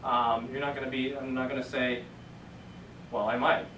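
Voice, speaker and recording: A man's voice: medium pitch, level tone, normal speed, pushed and bright, slight background noise. A man teaching Greek to a class, explaining patiently step by step in a casual lecture. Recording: echoey classroom from a distant camera.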